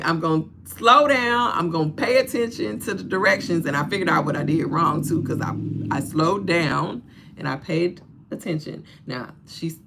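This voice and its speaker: A woman's voice: fairly low pitch, gravelly, slightly rough. A woman hosting a casual livestream, talking straight to her viewers with lots of laughter and preachy encouragement. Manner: animated, laughs often, talks straight to viewers. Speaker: livestream host.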